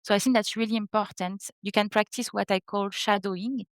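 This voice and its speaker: A woman's voice: mid-range voice, steady tone, brisk, no room sound. A woman in her thirties from France with a French accent, a French teacher speaking in an interview, earnest and explanatory. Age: 30s. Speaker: French teacher, podcast guest. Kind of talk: interview conversation.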